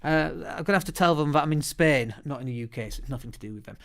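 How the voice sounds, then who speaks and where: British male podcast host, fairly high, smooth resonant voice, lively chatty delivery, studio mic. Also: fast. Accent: British English. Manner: chatty, lively, often restarts words. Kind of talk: solo podcast monologue. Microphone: studio microphone.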